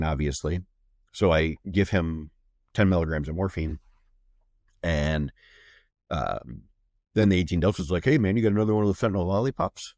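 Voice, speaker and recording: Low-voiced man from Ohio, blunt profane medic storyteller, dry close podcast sound. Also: a little mellow, no echo. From Ohio, USA. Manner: blunt, profane, matter-of-fact war stories. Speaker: guest, flight medic. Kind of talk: casual storytelling in a podcast interview.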